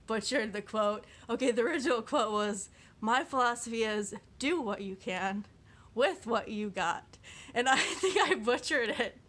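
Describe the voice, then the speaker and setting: A woman with a fairly high voice chats casually to camera, reading quotes aloud and reacting to them. She rambles and restarts her sentences often. She scatters fillers and laughs at her own slips. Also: fairly bright tone. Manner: chatty and rambling, full of "like" and restarts; giggly and self-deprecating. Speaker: vlogger.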